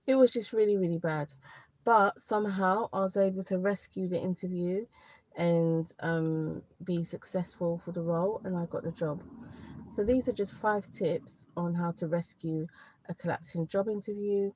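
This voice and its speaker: A woman's voice: on the low side, fairly even intonation, moderate pace, a little mellow, no echo. A woman chatting candidly on a livestream, rambling a little and repeating herself as she gives advice. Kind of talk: casual live chat to viewers. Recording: dry, slightly dull lo-fi sound.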